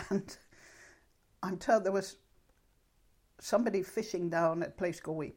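An older woman talks easily with an interviewer, spinning little stories and laughing along the way. Her voice sits a bit low and has a husky edge. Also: a little slow, darkish tone. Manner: chatty storyteller, laughs often. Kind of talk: casual conversation. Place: home in Perthshire countryside.

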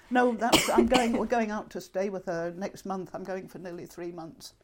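A woman's voice: medium pitch, fairly even intonation, a little slow, heavy background noise. An older woman chatting in an interview, telling anecdotes and laughing often. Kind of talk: casual conversation. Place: home in Perthshire countryside.

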